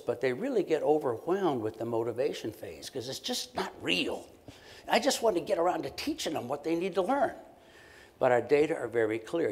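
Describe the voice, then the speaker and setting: A man, a professor, giving a conversational and animated keynote lecture to a conference audience. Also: medium pitch. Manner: conversational, animated, acts out short quoted exchanges.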